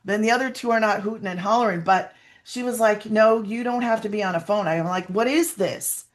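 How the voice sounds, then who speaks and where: Guest, woman, mid pitch; heartfelt testimony, halting and tearful at moments. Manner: earnest, tearful at times, lots of fillers and restarts. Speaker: guest sharing her story. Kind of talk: emotional personal testimony.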